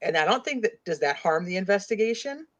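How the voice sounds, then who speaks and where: A woman's voice: medium pitch, expressive, brisk. A woman hosting a casual true-crime discussion, rambling with lots of "like" while reading comments aloud. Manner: rambling, heavy use of "like". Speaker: host. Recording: dull lo-fi audio.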